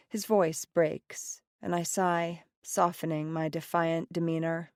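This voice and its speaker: A woman with a fairly low voice reads first-person audiobook narration in a wry, sardonic tone. The sound is close and bone-dry, a studio read with no room around it. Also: fairly even intonation, unhurried, no echo. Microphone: close studio mic, dry.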